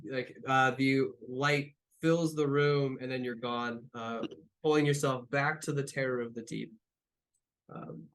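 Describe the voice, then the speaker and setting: A man running a tabletop game as game master, narrating loosely with fillers and restarts. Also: mid-range voice.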